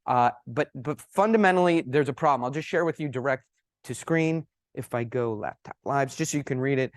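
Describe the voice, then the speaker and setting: A man giving a conference presentation, telling anecdotes in an animated, emphatic way. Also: mid-range voice, fairly quick, no room sound, clean studio sound. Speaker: conference speaker. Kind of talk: presentation with storytelling.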